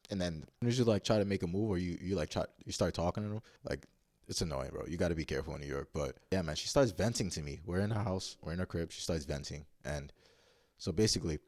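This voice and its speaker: A man with a very low voice tells a story in loose, profane slang, circling back and restarting his sentences. The sound is close and dry with no room around it. He is blunt and unfiltered. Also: no room sound. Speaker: vlogger. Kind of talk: casual story time.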